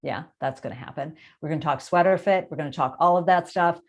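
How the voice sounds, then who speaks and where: A woman's voice: low-pitched, fast talker, gravelly. A woman from the United States hosting a casual interview chat, chatty and self-deprecating, laughing often. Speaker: podcast host.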